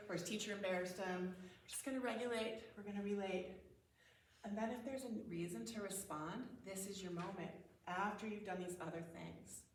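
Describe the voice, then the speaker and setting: A woman's voice: medium pitch, slight background noise. A woman giving a talk at a parenting conference, conversational, often acting out example phrases and laughing. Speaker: conference speaker. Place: church hall. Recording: echoey room, mic at a distance.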